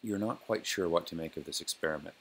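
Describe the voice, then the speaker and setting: A man casually walking through a software demo and speaking commands to an on-screen robot, with plenty of ums and uhs. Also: deep voice, fast talker, husky. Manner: relaxed, filler-heavy, talks plainly to a robot program. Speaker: developer demonstrating software.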